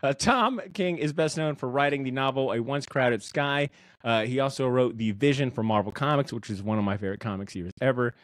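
A man's voice: medium pitch, brisk, no echo. A man hosting a comic book podcast in casual, joking, slangy banter. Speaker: podcast host.

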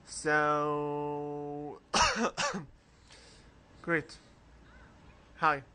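Slow, bright-voiced man narrating a walkthrough. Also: fairly high pitch, level tone, smooth. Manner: rambling, coughs often, reads game text aloud. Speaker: let's play host. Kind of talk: casual game walkthrough commentary.

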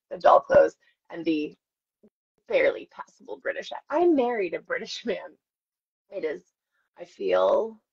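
A woman's voice: mid-range voice, gravelly, husky. A woman in her forties, an actress chatting with fans and telling stories on a live stream while signing autographs. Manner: chatty, self-deprecating, storytelling. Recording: dull lo-fi stream audio.

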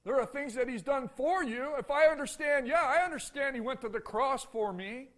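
High-voiced pastor preaching emphatically. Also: male voice, normal speed, a bit bright. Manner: emphatic, asks the congregation rhetorical questions and repeats phrases. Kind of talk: sermon. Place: church sanctuary.

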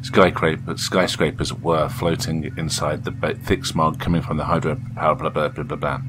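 A man with a very low, deep voice gives casual play-along commentary on indie games, chatting to himself between attempts. He reads the game's story text out loud, trips over words and corrects himself. Music plays clearly underneath. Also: little pitch movement, moderate pace, hardly any pauses. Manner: chatty, reads on-screen text aloud with stumbles. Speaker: game reviewer. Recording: background music clearly audible.

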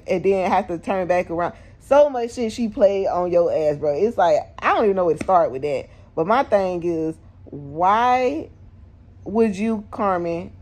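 A woman's voice: mid-range voice, warm tone. A young woman vlogger giving blunt, slangy opinion commentary, firing off rhetorical questions.

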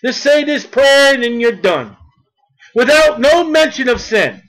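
A male preacher with a notably high voice delivers a sermon. His delivery is fervent and climbs toward near-shouting when he presses a point home. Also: very animated, unhurried, rough recording.

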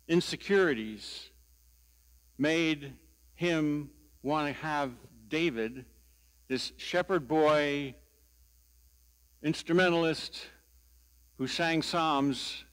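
Slow, wry older pastor preaching. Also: male voice, fairly high pitch, a bit bright. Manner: slow, deliberate storytelling with wry humor. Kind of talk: sermon.

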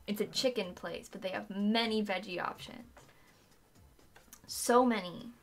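A woman's voice: mid-range voice, unhurried, faint music behind. A young woman hosting a live stream, chatting casually with a friend in giggly, playful banter. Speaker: streamer host.

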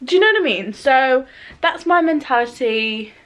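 A woman's voice: sits high, expressive, moderate pace, very noisy. A young woman with a British accent, chatting casually in a rambling vlog and saying "like" a lot. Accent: British English. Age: young adult. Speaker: university student vlogger.

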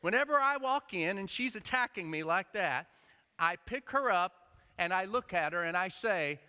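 Male pastor, bright lively delivery, joking sermon, echoey church hall. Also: high-pitched, normal speed, clear, resonant tone. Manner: animated, jokey storytelling. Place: church sanctuary.

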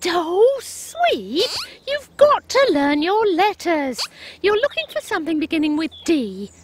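A woman's voice: very high-pitched, big pitch swings, measured pace, slight background noise, exaggerated voice. A woman voicing a cheerful, bossy female panda puppet on a children's TV show, coaxing patiently like a schoolteacher. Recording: music bed under the voice. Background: music.

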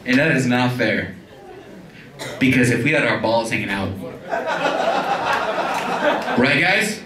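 A man's voice: mid-range voice, normal speed, pauses often, a loud crowd. A young man doing a crude stand-up comedy set in a club, laughing through his own jokes. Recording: echoey club, distant mic, noisy.

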